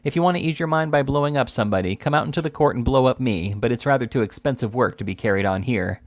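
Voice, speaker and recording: A man's voice: mid-range voice, fast talker, no room sound, natural voice. A man reading aloud and voicing a cheeky young manservant, blunt and chatty.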